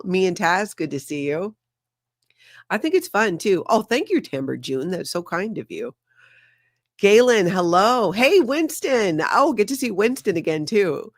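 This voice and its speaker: A woman's voice: low-pitched, no echo. Chatty woman in her fifties, dry sound. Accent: Hawaiian Pidgin, light. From Hawaii. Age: 50s. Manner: chatty, greets viewers by name, trails off mid-sentence. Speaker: livestream host. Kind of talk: casual live-stream chat.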